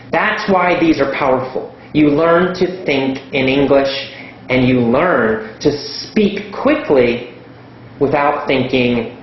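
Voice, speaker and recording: A man teaching an English lesson, speaking slowly and emphatically and repeating words for stress. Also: fairly high pitch, heavy reverb, muffled recording, a little hiss or hum.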